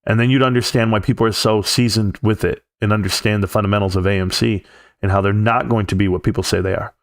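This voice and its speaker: A man's voice: lowish voice, fairly even intonation, fast, no echo, clean studio sound. A man with a California accent hosting a livestream, ranting heatedly and profanely in a rambling way. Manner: heated, profane, rambling rant with mocking quoted voices. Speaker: livestream host.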